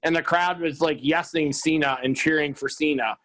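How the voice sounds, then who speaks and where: A man with a somewhat higher voice, co-hosting a relaxed chat. He rambles loosely and swears offhandedly, with many restarts. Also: normal speed. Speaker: podcast co-host. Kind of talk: casual chat.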